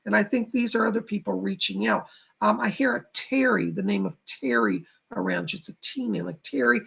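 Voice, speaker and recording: A man who is a psychic medium giving live readings to viewers in a halting, reassuring way, speaking to them directly. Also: sits high, very animated, creaky, a bit bright, breathy edge.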